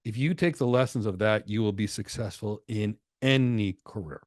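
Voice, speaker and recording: American guy hosting a webinar q&a, lowish voice, dry close sound, tells stories, upbeat. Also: moderate pace, dry recording. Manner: animated, storytelling, encouraging. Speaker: host and instructor. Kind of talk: live Q&A webinar.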